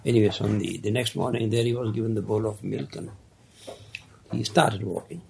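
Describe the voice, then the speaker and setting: A man telling a parable in an unhurried, conversational way, with many casual asides. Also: lowish voice, steady tone, gravelly, a little mellow, a little hiss or hum. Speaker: storyteller. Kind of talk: casual spoken storytelling of a parable.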